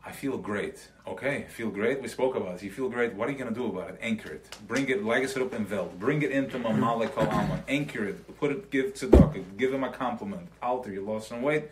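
A man's voice: fairly low pitch, fast, few pauses, noisy background. Conversational man teaching a class. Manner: loose and conversational, mixing in Yiddish terms; checks in with listeners, acts out everyday examples. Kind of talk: live recorded Chassidic class.

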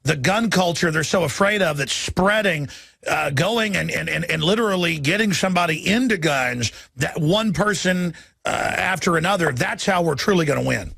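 A man hosting a talk radio show with a gravelly, husky, fairly high voice. He sounds urgent as he stacks topics with many fillers, recorded close and dry. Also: expressive, normal speed, a bit bright, no room sound.

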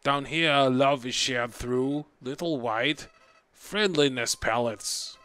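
Flower creature done by a man, game voice, fake-sweet, sneering, loud, smooth tone. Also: mid-range voice, slow. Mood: sugary, coaxing. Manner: syrupy friendliness turning to sneering threats. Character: two-faced flower creature, sweet then menacing. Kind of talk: game voice-over while streaming.

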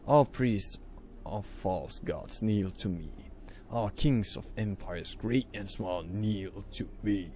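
A man reading aloud the lines of a grandiose, godlike scarecrow being from a game, slowly and quietly. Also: fairly low pitch, slight background noise. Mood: solemn. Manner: slow, solemn, quiet proclamation.

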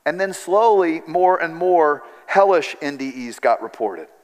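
A man with a high, light voice preaches a sermon, telling stories earnestly and acting out the lines he quotes. He is expressive and keeps a measured pace, and his words ring with a long reverb through a large church hall.

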